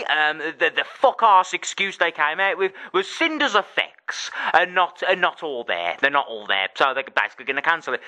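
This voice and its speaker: A man's voice: sits high, very animated, normal speed, sharp tone. An angry young English man ranting and swearing on his solo gaming podcast.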